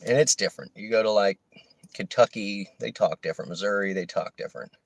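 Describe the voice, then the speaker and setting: A man's voice: on the low side, brisk, creaky, dry recording. A man, chatting casually to viewers while he drives for a rideshare app. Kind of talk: casual live-stream chat. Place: in a car. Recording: noisy car interior.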